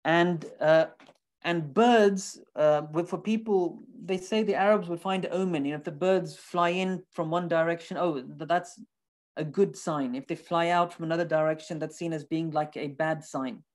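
A man's voice: fairly high pitch, steady tone, moderate pace. A man giving a lecture on the Quran, explaining Arabic words one by one and repeating points earnestly for emphasis. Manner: explains Arabic terms step by step, quotes and translates verses.

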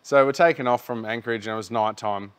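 An Australian podcast host tells a laid-back, wandering story in casual conversation, swearing freely. He talks fast in a medium-pitched voice that is clean and fairly bright.

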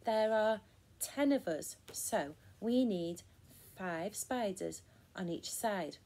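A woman's voice: mid-range voice, expressive, slow pace, warm tone. A woman voicing an eager little girl spider who loves counting, in a sing-song children's storybook reading. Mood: earnest.

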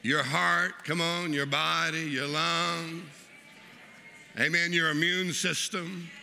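A preacher, delivering an exuberant sermon and leading the congregation in laughter. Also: male voice, fairly high pitch, little pitch movement, unhurried, creaky, bright, forceful tone, a little hiss or hum. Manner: exuberant, leads the crowd in laughing. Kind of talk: lively sermon.

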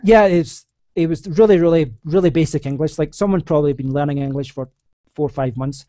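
A young man with a Scottish accent rambles through a casual chat, stumbling and restarting often. His voice sits a little high yet sounds mellow and warm. The sound is close and dry. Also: fairly quick, no room sound. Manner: rambling with many restarts and laughs. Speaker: podcast host.

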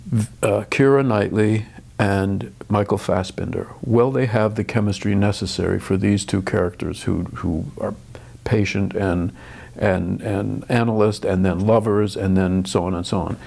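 Gravelly and darkish, the older director's voice sits on the low side, steady and at normal speed. He answers in a thoughtful interview conversation, often starting over and adding dry chuckles.

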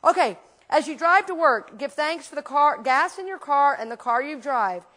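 Woman minister teaching a church class, slightly high voice, animated, chatty, trips over her words a lot. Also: normal speed. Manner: chatty, animated storyteller with frequent restarts. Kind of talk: casual teaching talk with anecdotes.

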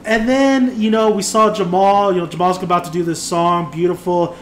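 A man hosting a casual TV review, retelling scenes in an animated way and acting out characters' lines. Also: high voice, moderate pace, echoey room, slight background noise. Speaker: TV review host. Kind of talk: casual spoken TV recap.

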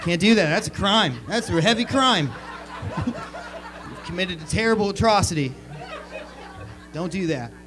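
A man doing crude, animated stand-up comedy on a club stage, acting out bits as he goes. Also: sits high, a little slow, pauses often, soft background music, some chatter behind. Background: audience laughter.

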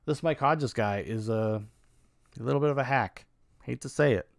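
A man's voice: mid-range voice, normal speed, gravelly, dry recording, studio quality. A man hosting a podcast, giving a casual and frank film review in a rambling, opinionated way with some swearing.

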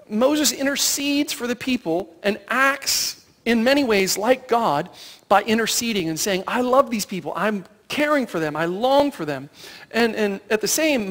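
A man preaching a sermon as pastor, in a conversational, animated way, asking the congregation rhetorical questions and acting out the lines of Bible characters. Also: high-pitched, big-room sound. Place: church sanctuary.

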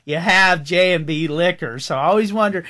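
Bright-voiced man rambling about a film. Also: high-pitched, normal speed. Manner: rambling, with many restarts and fillers. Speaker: film reviewer. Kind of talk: casual chat.

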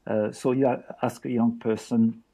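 Mellow husky older Frenchman. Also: mid-range voice, little pitch movement, measured pace. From France. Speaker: guest. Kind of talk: casual podcast chat.

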